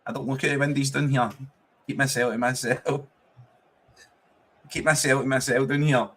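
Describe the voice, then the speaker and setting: A man's voice: medium pitch, steady tone, normal speed, fairly bright tone. A young Scottish man hosts a live football watchalong. He talks casually to his chat in a mid-range voice, swears freely and breaks into laughter often. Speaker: streamer hosting a football watchalong.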